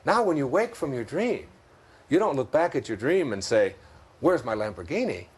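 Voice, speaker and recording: A man with a Detroit accent, a guest in a reflective spiritual interview, speaks at normal speed in a slightly high, slightly rough voice. He's very animated, telling stories expansively and laughing at his own jokes.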